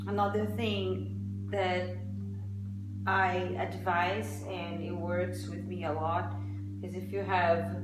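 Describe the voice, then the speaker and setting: A woman talking casually about caring for her baby while holding and rocking her at home, gentle and unhurried with frequent pauses. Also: fairly low pitch. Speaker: vlogger and new mother. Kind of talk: casual parenting advice vlog.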